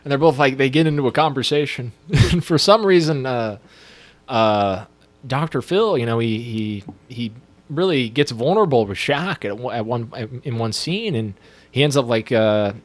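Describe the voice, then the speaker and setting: A man co-hosting a movie podcast in casual chat, excitable and profane, rambling with many fillers. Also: mid-range voice, moderate pace. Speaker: podcast co-host.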